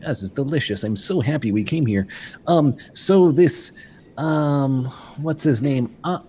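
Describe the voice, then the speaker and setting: A man's voice: medium pitch, a little slow, warm tone, a little hiss or hum, pitched above the performer's own voice, natural voice. A man voicing a hungry, rambling male gnome adventurer who talks while eating. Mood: chatty. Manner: mouth full, rambling and eager.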